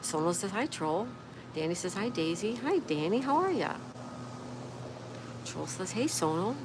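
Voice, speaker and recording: A woman hosts a laid-back livestream, voicing viewer comments and chatting back in an unhurried, mid-range voice. Behind her there is steady background noise with passing traffic.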